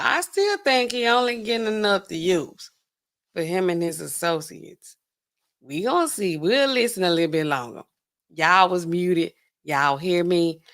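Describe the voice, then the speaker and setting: A woman hosting a livestream, chatting casually and talking straight to her viewers. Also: on the low side. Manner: chatty and animated, talks straight to her chat. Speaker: livestream host.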